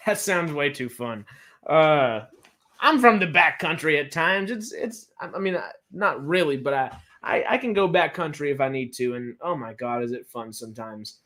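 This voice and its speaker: Man from Texas, casual livestream host, rambling, lots of restarts, fairly high voice. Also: expressive, normal speed, sharp tone. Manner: rambling, with frequent restarts and fillers.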